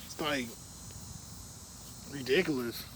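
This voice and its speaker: A young man in a casual, rambling rant, full of fillers, often trailing off quietly at the ends of his thoughts. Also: mid-range voice, slow, a little hiss or hum.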